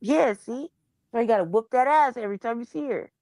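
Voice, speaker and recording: Animated, profane woman host. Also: fairly high pitch, fairly quick, no echo. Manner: profane, animated storytelling with slang. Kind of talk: casual livestream chat.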